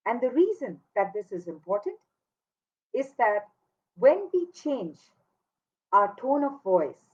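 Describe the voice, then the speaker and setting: A woman's voice: fairly high pitch, sing-song, slow, darkish tone, husky, highs cut off. A woman giving an earnest, emphatic instructional talk to parents, repeating key words for weight. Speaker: parenting educator.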